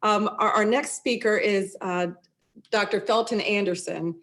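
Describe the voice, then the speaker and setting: A woman council member hosting an online community event, speaking haltingly with many fillers and restarts. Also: mid-range voice, fairly bright tone. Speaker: host, local council member.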